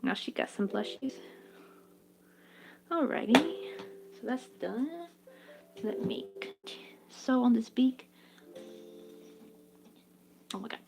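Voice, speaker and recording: A woman's voice: a little high, slow pace, creaky, long pauses, over music. A woman chatting casually and giggling while she crochets on her vlog. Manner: chatty, giggly, talks to her work and to chat. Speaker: crochet vlogger.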